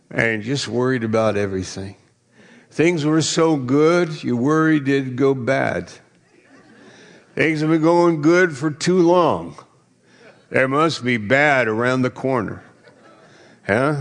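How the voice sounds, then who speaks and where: Male pastor, unhurried and playful sermon delivery; long hall reverb. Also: medium pitch, creaky. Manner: playful, teasing congregation. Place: large church hall.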